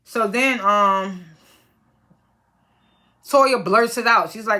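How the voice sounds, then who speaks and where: A woman's voice: mid-range voice, takes it slowly, long pauses, sharp tone. A woman casually recapping a reality TV episode, chatty and slangy, with lots of fillers and exasperated asides.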